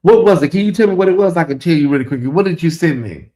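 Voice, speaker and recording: A man's voice: on the high side, lively intonation, racing, mellow. A man hosting a casual late-night livestream in a chatty, drawling way, reading viewer comments aloud and talking to the audience as "y'all". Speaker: livestream host.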